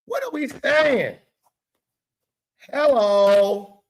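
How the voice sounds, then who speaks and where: Man, stream host, slow drawl, raised voice, swears, argues with chat. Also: on the high side. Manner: animated, swears, talks to chat. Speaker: show host. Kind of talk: casual live-stream commentary.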